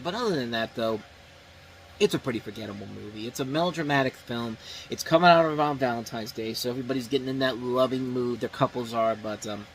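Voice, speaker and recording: A man's voice: medium pitch, a bit bright, slight background noise, rough recording. A man hosting a casual movie review show, seated, talking in a rambling way with many fillers and restarts. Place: indoors, seated.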